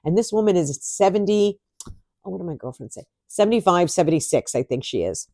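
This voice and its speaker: Chatty sarcastic woman vlogger, lively pitch. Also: fairly quick, no echo, clean studio sound. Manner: chatty and sarcastic, laughs often. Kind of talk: casual chat to camera.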